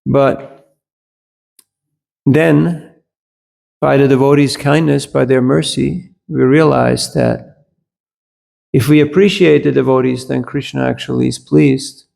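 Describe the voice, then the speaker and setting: Gravelly-voiced man giving a scripture class. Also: medium pitch, steady tone, slow, pauses often, darkish tone. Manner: conversational, checks in with listeners with "huh?"; switches briefly into German. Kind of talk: lecture on scripture with anecdotes.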